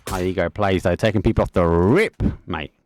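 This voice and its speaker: A young man with an Essex accent giving live esports game commentary, excitable, with quick bursts and casual slang. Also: sits low, background noise. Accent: Essex English. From England, Essex. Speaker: esports caster.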